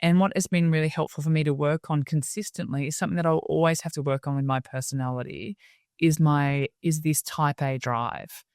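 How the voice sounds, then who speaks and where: An Australian woman speaking as a podcast guest, telling stories in a lively, chatty way and laughing often. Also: low voice, a little fast, no room sound, clean studio sound. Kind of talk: casual interview storytelling.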